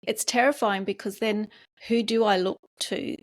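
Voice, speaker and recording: A woman hosting a podcast, thinking out loud in a reflective way and softly affirming her guest. The recording is dry and close, with no room sound around her voice. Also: medium pitch, steady tone, moderate pace, no room sound. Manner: reflective, thoughtful, with soft affirming murmurs. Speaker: podcast host. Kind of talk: podcast interview conversation.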